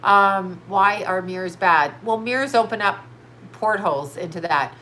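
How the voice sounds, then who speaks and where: A woman's voice: medium pitch, moderate pace, pushed and bright, a little hiss or hum. A woman hosting a casual psychic livestream, chatting in a scattered, blunt way and reading viewer comments aloud, her nose stuffed up. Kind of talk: casual rambling livestream chat.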